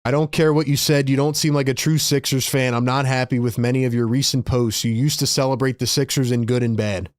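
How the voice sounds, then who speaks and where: A man's voice: mid-range voice, fairly even intonation, brisk, hardly any pauses, no echo, studio quality. A man hosting a live sports stream, ranting in frustration to his chat and saying "bro" often. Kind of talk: live stream fan rant.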